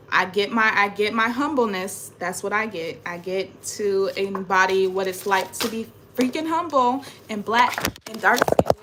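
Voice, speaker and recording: A woman's voice: medium pitch, bright, forceful tone. A young adult woman vlogging from home into a phone camera, talking in an emphatic, repetitive, frustrated rant about spiritual matters. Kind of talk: ranting spiritual vlog monologue. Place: at home indoors.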